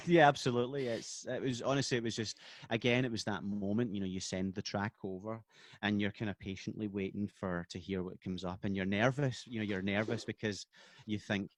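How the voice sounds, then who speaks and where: A Scottish musician chatting on a podcast over a video call, rambling with many restarts and easy laughs. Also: male voice, on the low side, fairly even intonation, a little fast, no echo, studio quality. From Scotland. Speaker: guest musician. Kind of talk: casual podcast chat.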